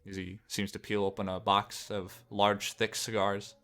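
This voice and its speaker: Rambling male game master, bright smooth voice. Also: on the low side, flat delivery, a little slow. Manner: rambling, many fillers and restarts. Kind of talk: narrating a tabletop game.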